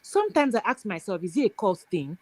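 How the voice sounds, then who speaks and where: A woman's voice: medium pitch, very animated, fast talker, a little mellow, no room sound. A woman from Nigeria, calling in to a live show and explaining her view while checking that the listener understands. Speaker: caller. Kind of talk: call-in commentary.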